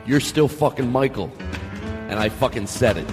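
A man's voice: mid-range voice, normal speed, over music. A man hosting a comedy podcast, rambling and swearing in casual banter. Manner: profane, rambling, animated. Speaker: podcast host.

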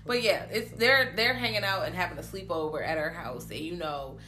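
A woman's voice: lowish voice, brisk, sharp tone. A woman in casual chat, animatedly retelling a film with profane slang and acted-out quotes. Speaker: podcast co-host recapping a film.

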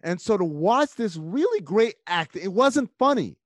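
A man talking casually and emphatically as a podcast guest, rambling with quick restarts. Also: sits high, sing-song, no room sound, clean studio sound. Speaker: podcast guest, basketball analyst.

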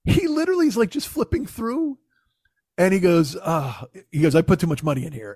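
A man spins a casual, profane anecdote, slipping into other people's voices as he quotes them. His voice sits a little high for a man and sounds dry and close to the mic, with no room behind it. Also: quick pace, husky, no room sound. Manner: profane, animated, acts out quotes. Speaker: storyteller. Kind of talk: casual storytelling.

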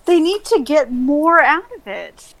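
Higher-voiced woman chatting casually, swears a lot, sarcastic. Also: very animated, unhurried, fairly bright tone, rough recording. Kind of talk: casual chat.

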